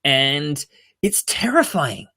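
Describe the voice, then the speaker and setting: A man's voice: on the high side, huge pitch swings, slow pace, sharp tone. A man co-hosting a podcast, reviewing a TV series in casual chat, earnest and emphatic, with frequent fillers and restarts.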